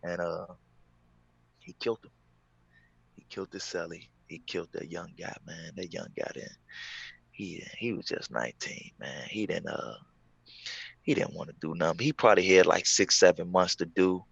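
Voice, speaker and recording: A man's voice: deep voice, normal speed, creaky, long pauses, a bit bright, slightly rough, no room sound, highs cut off. A man, a former prisoner, tells his story in a casual interview, repeating phrases for emphasis.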